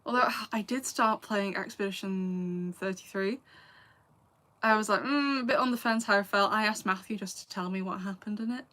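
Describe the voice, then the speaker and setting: A woman's voice: mid-range voice, normal speed, pushed and bright. A woman in her late twenties with a Lancashire accent with a slight Scouse edge, casually chatting through questions from a live chat and often laughing. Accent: Lancashire English, a little Scouse. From England. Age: 20s. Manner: chatty, laughing, drops into asides. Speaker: youtuber answering live chat.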